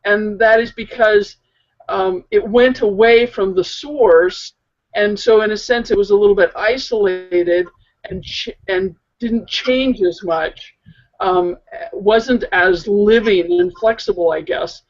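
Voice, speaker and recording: A woman co-hosting a casual chat, talking slowly and hesitantly with many pauses and fillers. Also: medium pitch. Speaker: co-host. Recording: muffled lo-fi audio.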